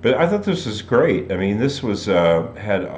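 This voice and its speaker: An older man hosting a music reaction video, talking casually and musing, often pausing to search for his words. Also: fairly low pitch, big pitch swings, a little mellow, slight background noise. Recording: roomy room with faint music.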